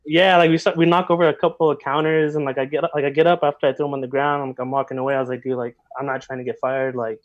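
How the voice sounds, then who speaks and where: A man guest on a podcast, telling a story in casual chat, animated and full of slang and filler words. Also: mid-range voice, racing, few pauses, dry recording, dull audio. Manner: animated, heavy slang, many filler likes.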